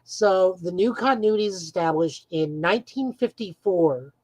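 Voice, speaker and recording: A woman's voice: fairly low pitch, animated, normal speed, a little mellow, no echo, rough recording. A woman co-hosting a podcast, eagerly recapping comic book plots in a casual chat with frequent "uh"s. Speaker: podcast co-host.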